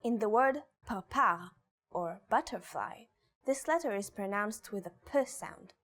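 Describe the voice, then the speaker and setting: Language teacher, woman, unhurried and precise, mid pitch. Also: lively intonation, fairly bright tone. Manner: slow, careful pronunciation of example words. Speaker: Hebrew teacher. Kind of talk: scripted language lesson.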